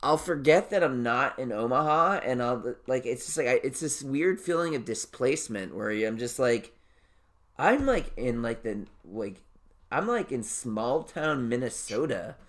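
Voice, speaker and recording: A man's voice: mid-range voice, animated, a little slow, fairly bright tone. Rambling, profane man hosting a chat. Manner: rambling, profane, filler-heavy, laughing often. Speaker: podcast host. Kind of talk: casual podcast chat.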